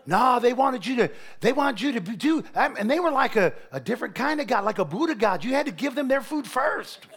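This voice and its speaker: Lively high-voiced preacher man, gravelly. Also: a little fast, hardly any pauses. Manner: animated, laughing, acts out quotes. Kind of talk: humorous sermon storytelling.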